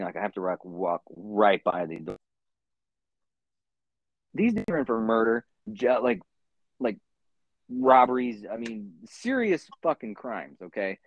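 Low-voiced man rambling a story. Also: no echo. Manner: rambling, profane, many fillers. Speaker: podcast host. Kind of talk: casual storytelling chat. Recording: dull lo-fi sound.

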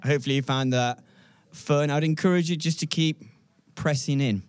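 A man's voice: fairly high pitch, fairly even intonation, moderate pace, no echo. A man addressing a gathering in a light, good-humoured way. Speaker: event leader.

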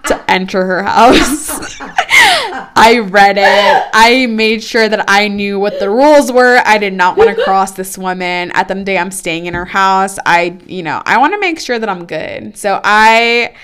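A woman's voice: mid-range voice, normal speed, crowd noise. A young adult woman chatting casually as a podcast co-host, telling a story with lots of fillers. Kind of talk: casual chat.

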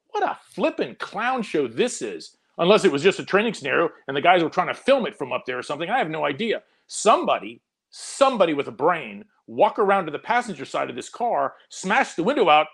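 A man with a slightly high, gravelly voice that swoops up and down as he rants. He sounds exasperated and scornful, telling the story in lively casual chat. The pitch leaps on every jab. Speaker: police corporal, show panelist.

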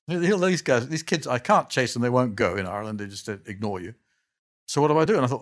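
Sharing stories with an interviewer in a relaxed setting, an older man speaks fast in a typical mid-range male voice. He breaks into chuckles and tends to trail off, then start his sentences over, all with an animated air.

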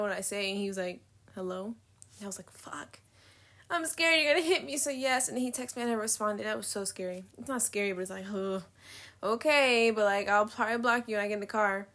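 A woman's voice: medium pitch, a bit bright. A young woman vlogging in a casual, candid monologue, rambling between thoughts, swearing freely and laughing often.

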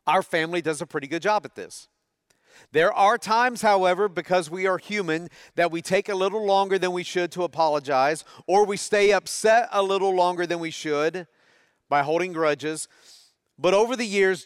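A man's voice: a little high, clear, resonant tone, no echo, studio quality. A middle-aged man preaching a sermon, talking conversationally and putting questions to his audience. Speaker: pastor.

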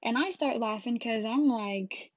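Woman telling a lively story. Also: a little high, measured pace, no room sound. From Jamaica. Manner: animated, acting out scenes and voices. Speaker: podcast host. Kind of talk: casual storytelling. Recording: dull lo-fi dry recording.

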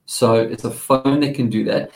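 A man's voice: medium pitch, fairly even intonation, moderate pace, darkish tone, low-quality recording. Male tech guest, keen and chatty, mid-range voice, self-correcting. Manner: enthusiastic, explains gadgets with restarts. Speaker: tech commentator. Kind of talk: casual radio chat.

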